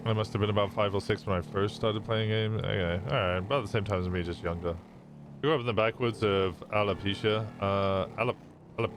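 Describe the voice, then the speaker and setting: A man's voice: lowish voice, fairly even intonation, a little fast, background noise. A young man from England with a Midlands accent, chatting casually and swearing with his stream viewers. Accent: Midlands English. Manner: chatty, swearing, stumbling over words.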